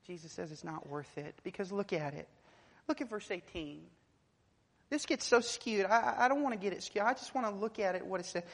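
A woman preaching a sermon, building to loud, emphatic declarations, then dropping soft and low, and repeating words when pressing a point. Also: fairly quick. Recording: long reverb of a large hall.

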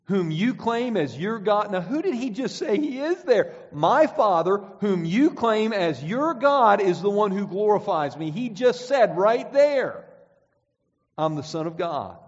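A man with a fairly high voice preaches, reading verses aloud and driving home each point. His words ring out with a long reverb, as in a church sanctuary. The recording sounds slightly dull. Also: very animated, measured pace, slightly rough. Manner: emphatic, rising and falling, reads scripture aloud. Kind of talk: sermon with scripture reading.

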